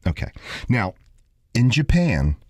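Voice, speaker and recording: A man's voice: medium pitch, takes it slowly, no echo. A man with a Brooklyn accent hosting a radio talk show, chatting casually in a joking, playful way. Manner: joking, animated, playful teasing. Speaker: radio host, salon owner.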